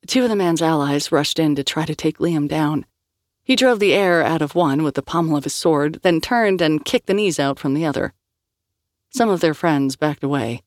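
A woman reads a novel aloud as an audiobook narrator, in a measured storytelling manner. The sound is dry and close, with no room echo. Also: low voice.

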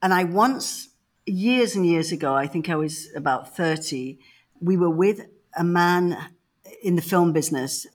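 A woman from the north of England talks in a casual, emphatic way, jumping into stories with energy. Her voice sits low for a woman. She sounds like a podcast co-host chatting easily with a friend. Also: measured pace. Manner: lively, emphatic storyteller. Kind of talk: casual chat.

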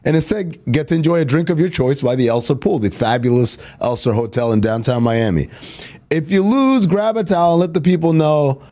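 A man's voice: on the high side, fairly quick, warm tone. A man hosting a sports talk show, laying out playful bets and teasing his co-host. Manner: playful, teasing, laughs often. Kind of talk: casual sports talk banter.

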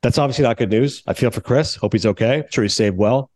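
A man from Canada hosting a podcast, telling stories in a lively way and acting out what others said. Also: mid-range voice, fast talker. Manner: animated storyteller, acts out quotes. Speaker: podcast host. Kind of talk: casual sports and film chat.

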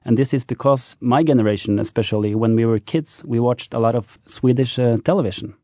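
A Norwegian-accented man answering as a radio guest, with a mellow tone. He talks in an easygoing way, pausing on fillers, in a dry studio. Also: mid-range voice, dry recording. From Norway.

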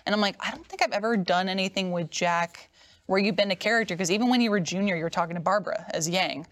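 A woman co-hosting a podcast in casual chat, chatty and quick to laugh. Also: medium pitch. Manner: fast, chatty, laughs often. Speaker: podcast co-host. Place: podcast studio.

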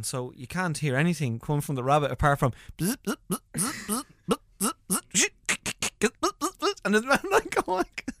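A man's voice: mid-range voice, dry recording, studio quality. An Irish man, a comedian, telling funny stories in a casual interview, laughing often and acting out the people in his stories. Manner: animated storyteller, laughs often, acts out voices. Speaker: comedian guest.

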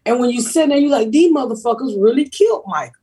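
A woman's voice: fairly high pitch, fast talker. A middle-aged woman, telling a brash, profane story on a casual podcast. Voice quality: very rough, raspy voice. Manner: brash, profane storytelling with big animated quotes. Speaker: comedian and podcast host. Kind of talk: casual chat.

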